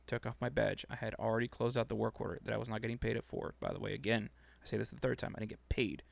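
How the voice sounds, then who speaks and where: A man co-hosting a casual chat show, telling a work story in an animated, profane way. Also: fairly low pitch, fast talker, gravelly. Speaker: podcast co-host.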